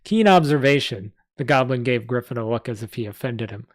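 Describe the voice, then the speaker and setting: A man's voice: mid-range voice, level tone, fast, dry recording. Man, live story reading, plain reading voice, small slips, dry close sound. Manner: reads aloud with small slips and asides. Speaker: story reader.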